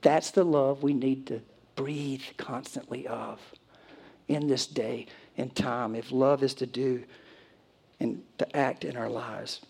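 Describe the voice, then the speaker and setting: A man preaching a sermon as pastor, earnest, moving from hushed, near-whispered lines to emphatic high calls. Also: fairly even intonation, takes it slowly, creaky, slightly rough.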